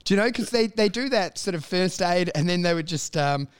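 High-voiced guy riffing. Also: animated, brisk, clear, resonant tone. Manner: rambling, swears a lot, laughs through his stories. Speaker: comedian podcast co-host. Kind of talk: casual comedic chat.

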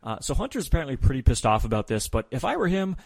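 Man, podcast host, casual recap, jokey, lively pitch, close dry mic. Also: fast, vocal fry, dry recording. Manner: animated, jokey, quotes people in voices.

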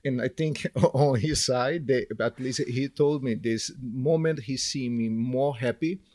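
A man guest speaking English as a second language, halting and searching for words in a casual interview. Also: mid-range voice, a little mellow. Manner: halting, searching for words, non-native grammar.

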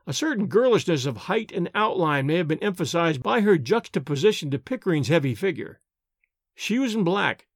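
A man narrating an audiobook in a measured, expressive reading. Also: on the high side, no room sound, clean studio sound.

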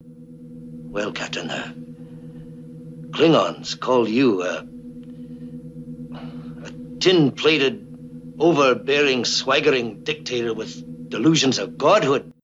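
A starship crewman with a stagey Scottish accent. He reports in a low voice with an unhurried, deliberate pace. The clip has the muffled sound of an old television soundtrack over a faint hiss. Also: animated, fairly bright tone. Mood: reporting. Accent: put-on Scottish.

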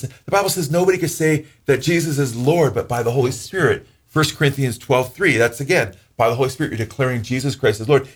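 A pastor preaching to his congregation in an earnest, conversational way. His voice climbs sharply when he stresses a point. He slows down for scripture passages. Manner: earnest, rises in pitch for emphasis, slows when reading scripture. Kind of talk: sermon teaching.

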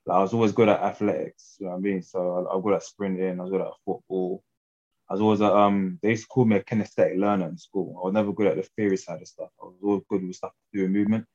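A man's voice: low-pitched, little pitch movement, rapid-fire, darkish tone, dull audio. A young English man talking as a guest fighter in a casual interview, laid-back and slangy, often laughing.

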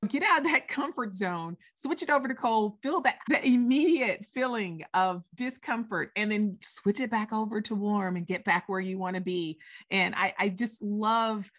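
A woman's voice: mid-range voice, moderate pace, hardly any pauses, fairly bright tone. Upbeat lady podcast host, gushing, laughs a lot. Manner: enthusiastic, laughs often. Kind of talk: casual interview chat.

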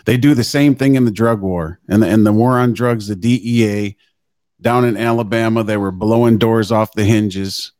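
Low-voiced indignant man. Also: steady tone, moderate pace, a little mellow, no room sound. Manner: indignant, repeats his points for emphasis. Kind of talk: live-stream discussion.

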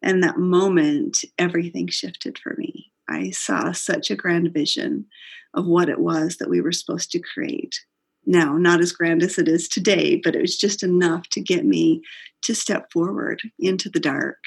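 Gravelly, husky-voiced woman telling her story. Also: lowish voice, measured pace. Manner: earnest, reflective storyteller. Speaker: guest, company founder. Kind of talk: storytelling interview.

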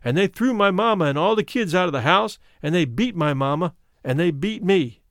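A man's voice: high voice, animated, fairly quick, a bit bright, no echo, clean studio sound. A man voicing a frightened little boy who sobs out his pleas in a storybook reading. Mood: pleading. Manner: sobbing, pleading.

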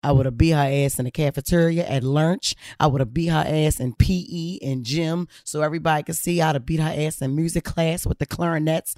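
A man's voice: a little high, steady tone, fairly quick, hardly any pauses, a little mellow, no room sound, clean studio sound. A man hosting a podcast, talking bluntly and profanely in a casual monologue. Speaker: podcast host.

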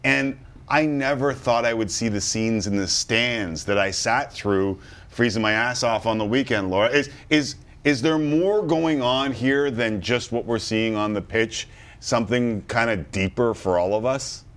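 A man hosting a sports panel show, animated and conversational, who often says "like". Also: mid-range voice, unhurried. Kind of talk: studio panel discussion.

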